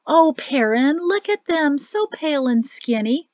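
A woman's voice: high-pitched, expressive, measured pace, darkish tone, dry recording, pitched above the performer's own voice. Woman doing a sing-song fussy old mother-in-law. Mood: doting. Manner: sing-song, chirpy and pushy. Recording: dry, slightly muffled audio.

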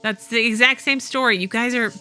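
Bright lady doing wry let's play commentary, reads game text out loud, faint music behind. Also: a little high, fairly even intonation, a little fast. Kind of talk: casual gameplay commentary.

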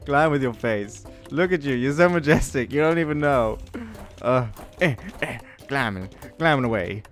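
A man's voice: medium pitch, expressive, moderate pace, over music. A man giving casual let's-play commentary at home into a desk microphone, laughing often and yelping at surprises. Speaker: gaming commentator. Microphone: desk USB microphone.

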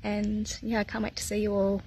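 Hesitant Australian woman with a gravelly voice. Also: medium pitch, completely flat delivery, a little fast, darkish tone, a little hiss or hum, low-quality recording. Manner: hesitant, many ums, emotional. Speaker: church member sharing a testimony. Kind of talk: testimony to a congregation.

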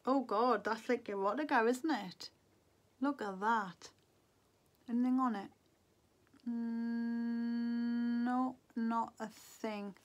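A woman's voice: fairly high pitch, a little slow. A middle-aged woman from England, chatting to camera as a beauty vlogger, muttering to herself in a wistful, casual way. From Northeast England.

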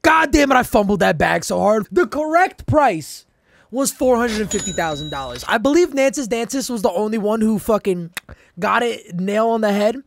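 A man's voice: high-pitched, lively intonation, normal speed, creaky, slight background noise. A man hosting a price-guessing game on a live stream, brash and profane, joking with chat. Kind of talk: casual live-stream banter.

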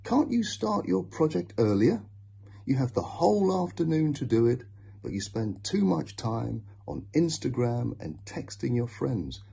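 A man's voice: mid-range voice, sing-song, a little slow, gravelly, mellow, husky, voice pushed up, exaggerated voice. A man voicing an anxious, caring mother who scolds firmly, in a children's storybook reading. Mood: worried. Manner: worried, firm and scolding.

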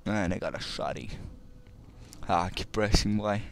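Gravelly-voiced man narrating gameplay. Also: deep voice, normal speed. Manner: rambling, restarts words, stumbles. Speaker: let's play commentator. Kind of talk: casual gameplay commentary.

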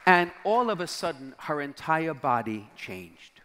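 Slow, dramatic storytelling bishop. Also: male voice, on the high side, big pitch swings, fairly bright tone, some chatter behind. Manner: dramatic storyteller, acts out quoted dialogue, drops to near-whisper at key moments. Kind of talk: storytelling sermon to a youth crowd. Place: large convention hall. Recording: long reverb of a large hall.

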